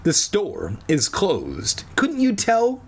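A man's voice: mid-range voice, wildly swooping pitch, unhurried, breathy edge, exaggerated voice. A man reading a children's book aloud, voicing a stern young woman who owns a shop, snappy and scolding. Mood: demanding.

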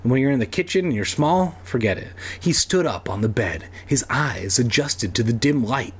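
A man's voice: mid-range voice, normal speed, husky. A young man reading a children's horror story aloud as host, breaking off for joking asides. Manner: lively, joking, swears in asides.

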